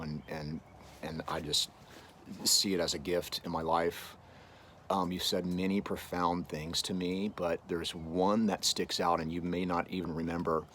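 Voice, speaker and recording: A man with a very deep voice records a warm birthday video for a close friend. He speaks earnestly, haltingly, and often restarts his words. A faint hiss runs under the recording. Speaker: friend giving a birthday message. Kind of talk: heartfelt video message.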